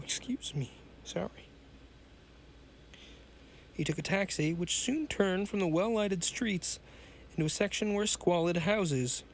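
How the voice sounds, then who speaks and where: A man's voice: a little high, a little hiss or hum. Casual man reading a pulp story aloud. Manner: casual asides, stumbles over words. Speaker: podcast host reading stories.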